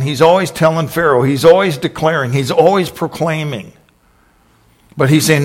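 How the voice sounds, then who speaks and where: A man preaching a sermon, retelling scripture in a lively storytelling way and acting out the voices. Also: a little high, normal speed. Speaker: pastor.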